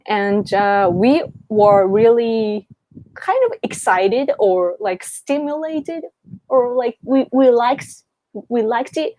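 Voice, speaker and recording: A Japanese woman in her thirties speaks English with a Japanese accent in a mid-range, darkish voice. She's a native Japanese speaker hosting a casual live-stream Q&A chat, rambling as she searches for her words.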